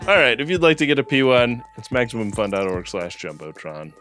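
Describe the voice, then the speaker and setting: A man co-hosting a podcast in relaxed, joking casual chat, laughing easily. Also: medium pitch, brisk, faint music behind. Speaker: podcast co-host.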